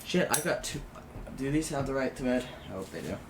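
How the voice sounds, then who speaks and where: A young man talks casually to a live stream as he works on a computer build. He rambles, curses freely and trips over his own sentences. His pitch sits in the middle of the male range, and faint background noise runs under his voice. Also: big pitch swings, brisk. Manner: rambling and blunt, swears, restarts sentences. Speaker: livestreamer.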